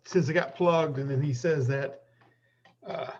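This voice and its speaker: A man's voice: a little high, steady tone, a little slow, darkish tone, highs cut off, slight background noise. A man playing a tabletop game, casually describing his character's actions and thinking aloud. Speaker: player.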